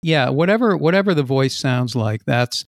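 Older male host, gravelly, dry and close, jokey and meandering. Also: mid-range voice, expressive, moderate pace, dry recording. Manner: joking, rambling with restarts. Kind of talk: casual interview chat.

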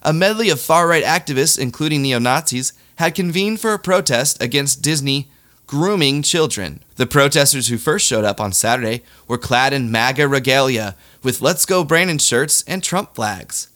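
Brief: man doing a deadpan satirical news monologue, bright tone. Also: mid-range voice, normal speed. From Kansas City area. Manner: deadpan, self-deprecating asides. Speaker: comedy news host.

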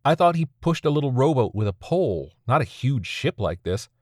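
A man's voice: medium pitch, sing-song, fairly quick, dry recording, clean studio sound, pitched above the performer's own voice. A man voicing a bewildered, newly dead man who fires off incredulous questions. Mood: baffled.

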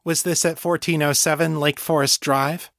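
A man's voice: a little high, fairly even intonation, moderate pace, fairly bright tone, no room sound, pitched above the performer's own voice. Brief: stern woman interrogator read by a man, curt and sour, dry recording. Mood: cold. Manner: curt, acidic. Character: stern female agent, hostile interrogator.

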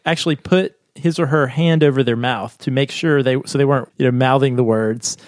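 A man's voice: mid-range voice, fairly even intonation, brisk, no room sound, clean studio sound. A man co-hosting a podcast, explaining a research study in a chatty way and laughing often. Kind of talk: casual science chat.

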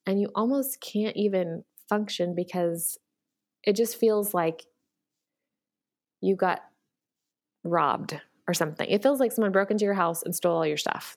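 Unhurried and animated, a woman shares her own experiences as a guest, pausing often and speaking with earnest candor amid many fillers and false starts. Her pitch is medium.

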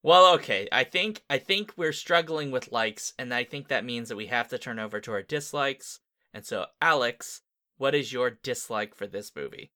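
A man co-hosting a podcast, chatting casually and enthusiastically about a movie. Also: normal speed. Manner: enthusiastic, jumps up in pitch when excited. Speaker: podcast co-host. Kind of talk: casual movie-review chat.

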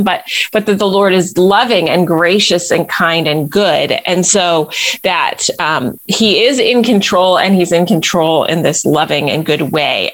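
A woman with a slightly low voice talks in a casual faith conversation. She speaks thoughtfully and in measured, well-formed sentences. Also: fairly bright tone.

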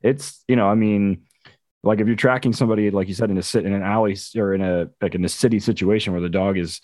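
A man training police dogs, telling stories in a profane, animated way during casual podcast chat. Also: on the low side, fast talker, dry recording.

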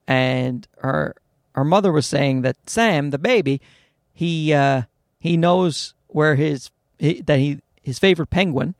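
Gravelly animated man telling comic stories. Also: a little high, no room sound, clean studio sound. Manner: animated storytelling, swearing, jumps into voices for quotes. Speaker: comedian podcast host. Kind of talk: casual comedic monologue.

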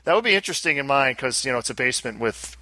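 A man's voice: medium pitch, animated, very fast, sharp tone. A man co-hosting a casual pinball podcast, laughing and teasing through the banter. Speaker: podcast co-host. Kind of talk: casual chat.

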